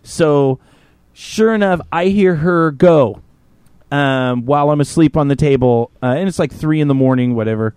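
A man with a fairly high voice tells a story to his co-hosts in a loose, profane way. The mic picks him up dry and close, with no room around it. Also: moderate pace, darkish tone, clear, resonant tone, dry recording. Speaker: podcast host. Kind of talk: casual storytelling chat.

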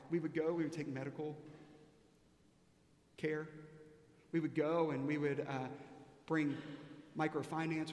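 Male pastor, fairly high voice, emphatic storytelling sermon, echoey church hall with long reverb. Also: a little mellow. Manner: storytelling, emphatic, with pauses and fillers. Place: large church sanctuary.

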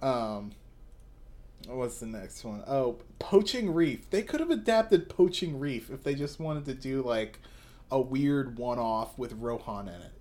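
A man's voice: mid-range voice, animated, a little slow, warm tone. A man in casual conversation, rambling along with many fillers and frequent laughs. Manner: laid-back, rambling, laughs often. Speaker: podcast co-host. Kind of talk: casual chat about manga.

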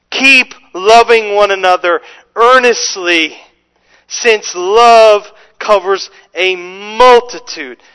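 A man preaching a sermon, earnest and emphatic, often repeating words as he starts a sentence and slowing down to stress key phrases. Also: high voice, bright, forceful tone, low-quality recording. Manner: slows down to stress scripture phrases. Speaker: pastor.

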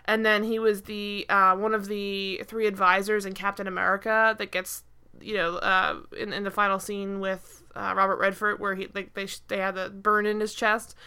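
Chatty woman with a bright voice. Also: medium pitch, level tone, moderate pace, clear, resonant tone. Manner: rambling, heavy use of "like", frequent restarts. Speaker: podcast co-host. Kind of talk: casual chat reviewing a TV episode.

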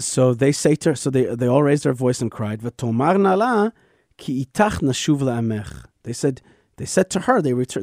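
Guy with a fairly high voice explaining scripture, emphatic, lots of and-and restarts, dry close sound. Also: darkish tone, no echo. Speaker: radio show host. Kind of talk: scripture teaching commentary.

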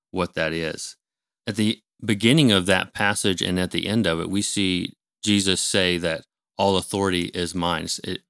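A man with a deep, gravelly voice explains scripture in a calm, measured way, pausing on fillers and restarting his phrases. He speaks close to a podcast mic in a dry, small studio room. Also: no echo. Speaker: ministry leader and guest. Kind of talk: conversational teaching on scripture.

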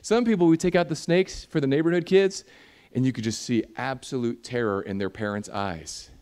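A man preaching a sermon in a church, animated and jokey, acting out voices as he talks. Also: medium pitch, normal speed. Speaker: pastor.

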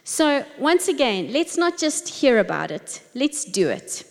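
A woman giving a devotional teaching in a slow, gentle, reflective way, pondering each word. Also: high voice, big pitch swings, gravelly, in a large hall. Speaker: Bible teacher.

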